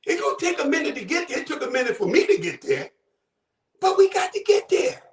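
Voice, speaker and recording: A man's voice: very high voice, very animated, fast talker, roomy sound, distant mic. A man from Buffalo, New York, calling in to a talk show with fervent, preacher-like commentary, often raising his voice. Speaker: caller. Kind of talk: impassioned call-in commentary.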